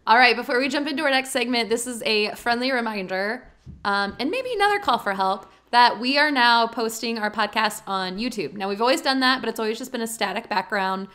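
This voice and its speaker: A woman's voice: a little high, expressive, fairly quick, pushed and bright. A woman co-hosting a podcast, chatting in an upbeat, giggly and earnest way. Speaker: podcast co-host. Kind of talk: casual chat.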